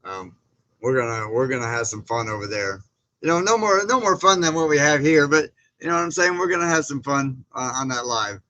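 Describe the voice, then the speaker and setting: On a muffled recording, a livestream host talks a little fast in a mid-range voice that's bright and forceful. Chatting casually, he greets viewers by name and reads out their comments, rambling with lots of fillers and restarts.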